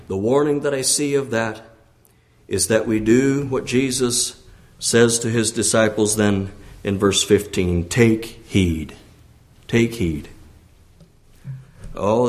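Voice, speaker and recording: A man preaching a sermon as pastor, often repeating his phrases and clearing his throat, his pitch climbing when he exhorts. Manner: frequent throat clearing and restarts.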